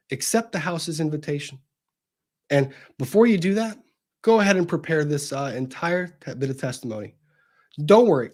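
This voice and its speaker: A man mockingly playing a smug male defense attorney who gives sarcastic, mock-earnest advice. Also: on the high side.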